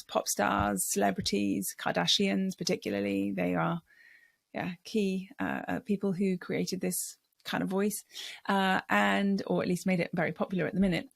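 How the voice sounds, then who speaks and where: A woman's voice: medium pitch, level tone, moderate pace, creaky, no room sound. A middle-aged woman speaking coach giving a patient, explanatory lesson on how the voice works and demonstrating vocal sounds. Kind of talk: instructional talk to camera.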